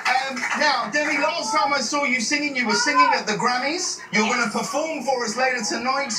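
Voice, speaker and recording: High-voiced man hosting a playful house game. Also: brisk, over loud music. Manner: chatty, laughing often. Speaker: host. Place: house interior. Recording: echoey room, far from mic, noisy.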